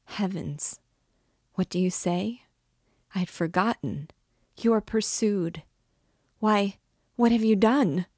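A woman's voice: medium pitch, slow pace, long pauses, a little mellow, breathy edge, no echo, studio quality, pitched above the performer's own voice. A woman doing a half-mad, doting older mother. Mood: alarmed. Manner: tender, gushing, rising to frantic. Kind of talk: dramatic reading of a novel.

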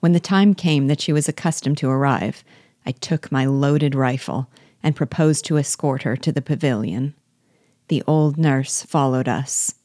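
Low-voiced woman reading a novel aloud. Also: mellow, no room sound, clean studio sound. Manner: measured, clear storytelling. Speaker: reader and teacher.

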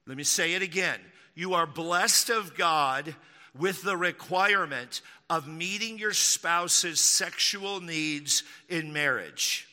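Emphatic Texas-raised pastor, high and bright, big-hall reverb. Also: male voice, slow. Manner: emphatic, repeats key lines, mocking asides. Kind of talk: sermon.

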